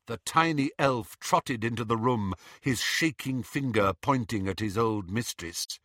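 A man's voice: medium pitch, unhurried, no room sound, studio quality. A man narrating a fantasy story aloud, reading dramatically and voicing the characters. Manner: animated, dramatic reading with voices. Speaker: audiobook narrator.

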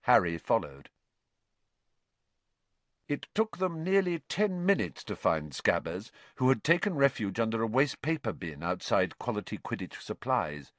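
A man narrating a storybook in an expressive, animated reading. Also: on the low side, measured pace, dry recording. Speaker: audiobook narrator.

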